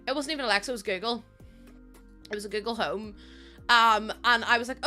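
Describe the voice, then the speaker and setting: Speaking quickly in a voice on the high side, with faint music behind her, a young Northern Irish streamer from Northern Ireland chats casually with her live chat. She giggles a lot and comes across loose, chatty and animated.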